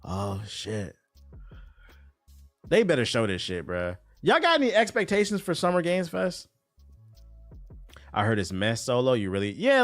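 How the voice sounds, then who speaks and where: A man's voice: lowish voice, fairly bright tone, dry recording. A man streaming live, reacting to gaming news and casually chatting with viewers in a laid-back, profane way.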